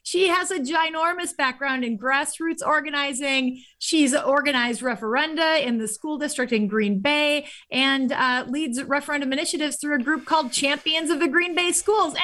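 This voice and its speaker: Woman podcast host, brisk upbeat intro delivery, bright sharp tone. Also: high-pitched. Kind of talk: introducing a guest.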